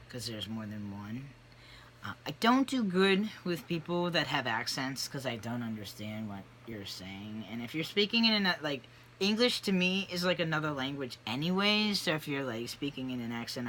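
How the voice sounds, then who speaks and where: A vlogger talking candidly in a casual personal video, rambling with many fillers and animated asides. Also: mid-range voice, a little hiss or hum.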